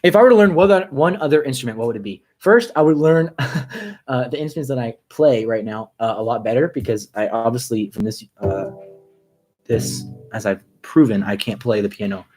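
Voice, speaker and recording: A man chats loosely on his own live stream, upbeat and rambling, hopping between thoughts with quick asides. His voice sits at an ordinary middle pitch. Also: a little mellow, soft background music. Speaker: musician hosting a live stream. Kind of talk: casual live-stream chat.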